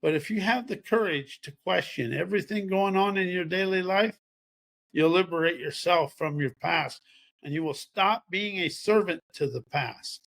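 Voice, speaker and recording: Man, high-pitched, folksy and preachy self-help speaker, rambling delivery. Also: moderate pace, gravelly, fairly bright tone. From American Midwest farming region. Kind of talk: motivational talk.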